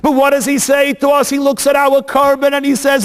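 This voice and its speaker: High-voiced male preacher telling a story. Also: completely flat delivery, fairly quick. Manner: dramatic, asks rhetorical questions. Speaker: rabbi. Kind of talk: sermon storytelling. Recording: long hall reverb.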